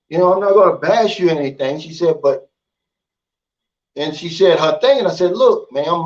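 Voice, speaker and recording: A man hosting a livestream, talking in a blunt, folksy, opinionated way in casual chat. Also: on the high side. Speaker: livestream host. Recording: dull lo-fi stream audio.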